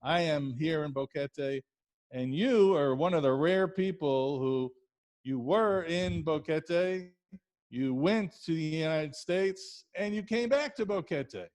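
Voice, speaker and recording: Podcast cohost guy, kinda high voice, lots of ums and uhs. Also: slow pace, a little mellow. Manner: hesitant, many fillers. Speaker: podcast co-host. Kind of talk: casual podcast chat.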